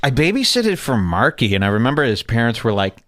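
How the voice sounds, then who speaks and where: A man's voice: medium pitch, sing-song, brisk, fairly bright tone, dry recording, clean studio sound. A young man hosting a podcast, telling crude comedic stories in casual chat and slipping into silly voices. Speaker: podcast host.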